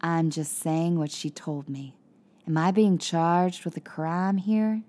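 A woman's voice: on the low side, fairly even intonation, slow pace, warm tone. A woman voicing a defensive, evasive male neighbor under police questioning. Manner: defensive, hedging replies.

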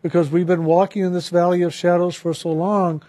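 Guy telling a personal story and turning it into a spiritual lesson, kinda high voice, calm and earnest, drags out the key bits. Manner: calm, earnest, reflective, with slowed emphasis on key phrases.

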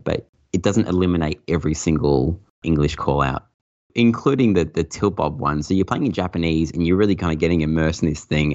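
Guest, man, low fry-heavy voice, laughs and curses while chatting. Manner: sweary, laughing, animated storytelling. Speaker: pinball podcast guest. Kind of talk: casual chat. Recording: muffled lo-fi mic.

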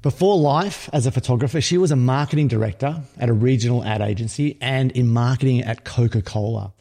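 A man's voice: mid-range voice, fairly quick, creaky, warm tone. A middle-aged man hosting a podcast, reading an upbeat, emphatic scripted intro before chatting with his guest. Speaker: podcast host.

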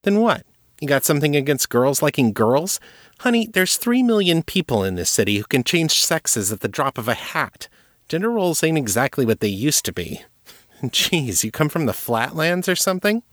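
A swaggering young tiefling woman, teasing and crude, with a voice pushed well up into a high, lively register, as a male narrator puts her on. The recording is dry and close, with no room around it. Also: normal speed, no echo. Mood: brash.

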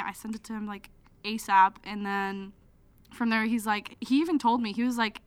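A woman's voice: mid-range voice, moderate pace, clean tone, no echo. A young woman, a college student, chatting casually on a podcast and animatedly acting out the people in her story. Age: young adult. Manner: animated storyteller, acts out quoted dialogue. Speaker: student guest.

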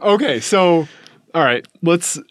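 Rambling, excitable podcast co-host man. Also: on the high side, slow pace, no room sound, clean studio sound. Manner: rambling, filler-heavy, excitable asides. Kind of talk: casual aftershow chat.

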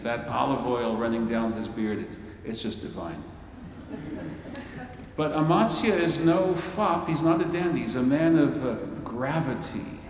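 A slow, wry preacher in a hall. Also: male voice, mid-range voice, slight background noise. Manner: playful, theatrical, wry asides. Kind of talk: storytelling sermon. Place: large worship hall. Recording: echoey hall from far off.

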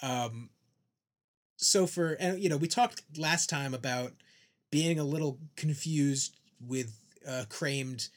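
A man's voice: medium pitch, takes it slowly. Thoughtful man in casual podcast chat. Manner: thoughtful, restarts sentences, analytical. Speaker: podcast co-host.

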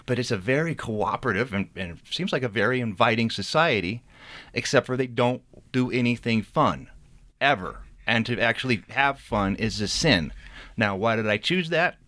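A man's voice: mid-range voice, normal speed. A man, an author, chatting playfully in an interview and reading his book aloud. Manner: playful, animated.

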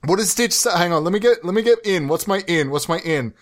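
A man's voice: high-pitched, lively intonation, quick pace. A man hosting a comedy show, rambling about his character voices and getting flustered, often laughing at himself. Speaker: comedy podcast host.

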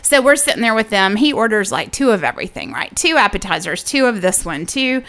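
A young adult woman co-hosting a casual chat, telling an animated story and acting out what people said. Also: medium pitch, a little fast. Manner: animated storyteller, acts out quotes, laughs often. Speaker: podcast co-host.

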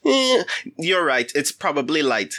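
A man's voice: fairly high pitch, big pitch swings, measured pace, bright, forceful tone. A man playing a tabletop game, thoughtful and explanatory. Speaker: player. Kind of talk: casual tabletop play.

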